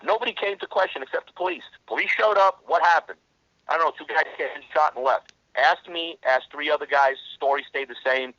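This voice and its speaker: A middle-aged man, telling rough street stories in a casual interview, blunt and heavy on the swearing. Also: fairly high pitch, fairly quick, bright, forceful tone, no echo. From New York. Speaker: interview guest. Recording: dull lo-fi dry recording.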